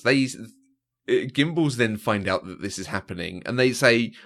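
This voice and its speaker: Brief: podcast co-host, man with a lowish voice, lively, does little voices when retelling scenes. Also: normal speed. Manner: animated, often acting out quoted lines. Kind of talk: casual chat about films.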